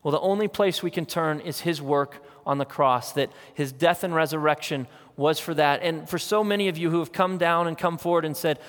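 A man's voice: fairly high pitch, a little fast, few pauses, a bit bright. A man preaching a sermon as pastor, talking earnestly and conversationally and pressing his points through repetition. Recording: long hall reverb.

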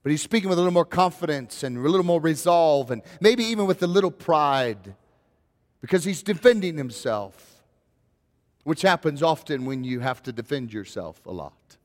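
A man's voice: on the high side, animated, normal speed, big-room sound. A male pastor preaching a sermon in a conversational way, building to rising, emphatic questions.

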